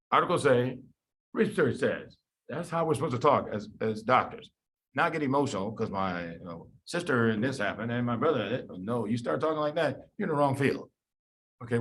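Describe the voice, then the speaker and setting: A man's voice: medium pitch, a bit bright, a little hiss or hum. A man from the south side of Chicago giving a casual medical lecture, talking conversationally and acting out the people he tells stories about. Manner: conversational, storytelling, acts out quoted people.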